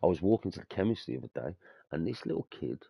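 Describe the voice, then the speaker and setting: A young man with a low voice that swings widely in pitch as he tells his stories. He swears casually, calls people mate and bruv, and sounds close and dry on the mic. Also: very animated, quick pace, vocal fry, breathy edge, no echo, highs cut off. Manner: swearing, storytelling, laughs often, uses slang like bruv and mate. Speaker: podcast host. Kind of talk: casual chat.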